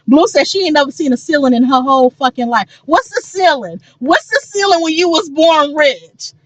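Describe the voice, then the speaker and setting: Excitable high-voiced woman, dry close sound. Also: moderate pace, no echo. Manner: excitable, profane, animated storytelling. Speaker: podcast co-host. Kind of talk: casual chat.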